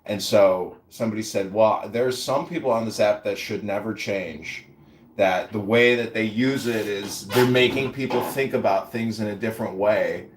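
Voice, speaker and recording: A man with a fairly low voice tells rambling stories in casual chat, filling them with likes and you-knows. His voice carries a roomy echo. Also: moderate pace, slight background noise.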